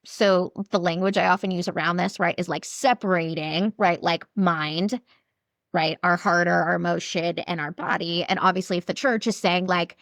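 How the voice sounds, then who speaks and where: A woman speaks in a casual, rambling way, peppering her talk with fillers. Her voice sits a little low and sounds close and dry. She comes across as a guest on a podcast. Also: fairly even intonation, normal speed, gravelly, fairly bright tone, no room sound. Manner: chatty, many "like" and "right" fillers. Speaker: guest coach.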